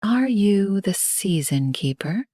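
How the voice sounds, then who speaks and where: Whispered role-play: a woman voicing a gentle, brave storybook girl, a breathy whisper pitched a little higher. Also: animated, slow pace, dry recording, clean studio sound. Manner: gentle, soft. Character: kind, brave young girl.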